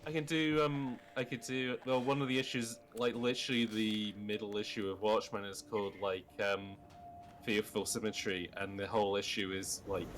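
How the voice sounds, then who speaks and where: Man, lowish voice, casual gaming chat, rambling, swearing, faint background hum. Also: moderate pace. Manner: rambling, swears, animated storytelling. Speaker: streamer co-host.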